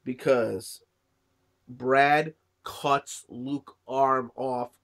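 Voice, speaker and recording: Here a coughing, ill man chats casually about a manga chapter. His mid-range voice is a little bright with fairly even intonation, and he goes extremely slowly, rambling along with plenty of "uh" and "you know."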